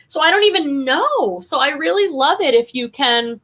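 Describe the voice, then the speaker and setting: A woman's voice: high-pitched, animated, moderate pace, fairly bright tone. A woman in her forties hosting a reselling livestream, chatting casually and reading viewer comments aloud with effusive enthusiasm. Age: 40s.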